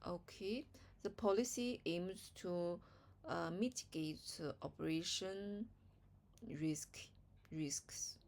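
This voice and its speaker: A woman's voice: lowish voice, takes it slowly, a little mellow. A woman whose first language is Chinese, practicing English words hesitantly and repeating them to check pronunciation. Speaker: English learner. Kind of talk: vocabulary practice.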